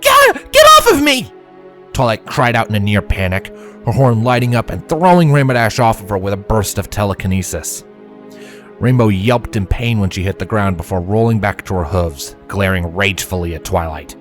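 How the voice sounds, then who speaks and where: A man reading a story aloud in an expressive storybook narration style. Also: on the low side, fairly quick, faint music behind. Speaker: fanfiction reader.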